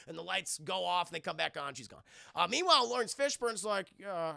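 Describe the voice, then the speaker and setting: Young male streamer, gravelly and sharp-toned, excitable and profane, acting out scenes for chat. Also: sits high, brisk, no echo, clean studio sound. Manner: profane, excitable, acts out characters' lines. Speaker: streamer reviewing a film. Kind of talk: animated casual recap to live chat. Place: home streaming setup.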